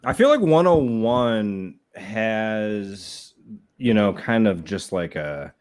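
A man from Michigan talking slowly and hedging in a casual podcast chat. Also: on the low side, big pitch swings. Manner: slow, drawn-out, hedging.

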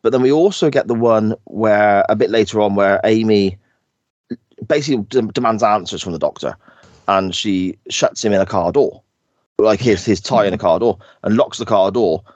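Low-voiced man in dry podcast chat. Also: moderate pace, a little mellow, dry recording, lo-fi sound. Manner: chatty, laughs often, retells scenes with quoted lines. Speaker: podcast co-host. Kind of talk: casual chat recapping an episode.

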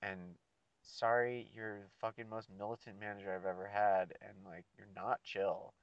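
Man, lowish voice, slow drawn-out rant, rambling, heavy swearing, dry dull recording. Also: flat delivery, clean tone, no room sound. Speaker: seasonal mall Santa photo worker. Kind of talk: casual profane rant to listeners.

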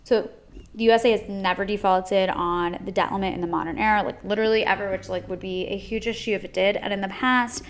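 A woman's voice: mid-range voice, steady tone, fast. Chatty young woman co-hosting a news podcast. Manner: chatty, jokey asides, says "like" often. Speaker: podcast co-host. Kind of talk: casual news chat.

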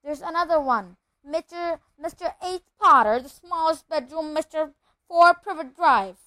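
A woman voicing a spoiled, bawling boy in a storybook reading, shouting demands in a raised, shrill voice. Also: a little slow, dry recording, heavily acted. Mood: triumphant.

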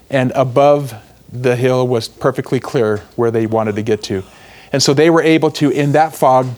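Young male speaker, sermon-style history storytelling, lively asides. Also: mid-range voice. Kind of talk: religious talk on history.

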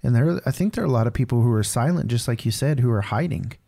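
A man's voice: medium pitch, animated, fast talker, gravelly, dark tone. A man hosting a faith conversation, thoughtful and supportive, sometimes searching for words. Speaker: podcast host. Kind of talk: casual conversation.

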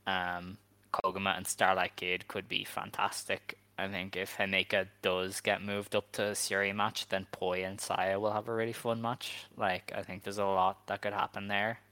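A man's voice: deep voice, level tone, sharp tone, clean tone, dry recording. A man co-hosting a podcast in casual chat, opinionated and full of "like" and "um" asides. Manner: opinionated, quick asides with frequent "like" and "um". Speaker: podcast co-host.

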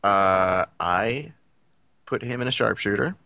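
A man co-hosting a podcast, telling stories in a rambling, filler-heavy way. His voice sits on the low side and sounds dry and close, with no room around it. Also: takes it slowly, vocal fry, pushed and bright, no room sound. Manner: rambling, many fillers, laughs often. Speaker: podcast co-host. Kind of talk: casual chat.

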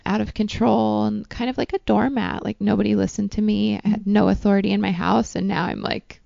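A woman's voice: medium pitch, steady tone, a little fast, gravelly, mellow, no echo, muffled recording. A woman hosting a casual conversation, candid and chatty as she shares her home life.

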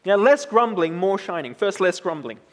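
A man in his thirties preaching a sermon in a relaxed, conversational way, often checking in with "right?". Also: high-pitched, normal speed, long reverb tail. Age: 30s. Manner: conversational, tag questions like "right?".

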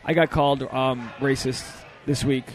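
A man's voice: mid-range voice, fairly even intonation, moderate pace. A man hosting a casual podcast chat, a stand-up comedian with crude, joking banter.

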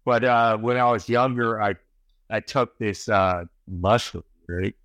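A man's voice: fairly low pitch, a little slow, fairly bright tone, dry recording. A middle-aged man, a podcast guest, telling a long story in casual chat, rambling and swearing, tagging sentences with "right?" and "bro".

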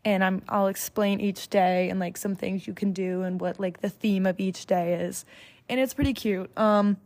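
A woman's voice: mid-range voice, fairly even intonation, moderate pace, darkish tone. A young woman from the United States hosting a solo podcast in a casual, chatty way, full of fillers and self-corrections. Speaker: podcast host.

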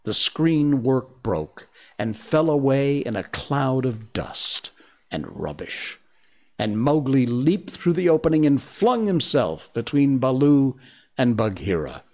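A man narrating a classic jungle story with dramatic, hushed emphasis in tense moments. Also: mid-range voice, very animated, slow.

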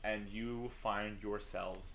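A man serves as game master for a tabletop game and narrates the scene at an easy pace. He often pauses on fillers. A faint noise sits under his voice. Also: lowish voice. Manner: relaxed, with many fillers.

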